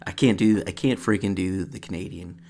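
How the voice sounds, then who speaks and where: A man's voice: low voice, moderate pace, darkish tone. A man loosely impersonating a plainspoken male grappler, attempting a twang with mild swearing. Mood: brash.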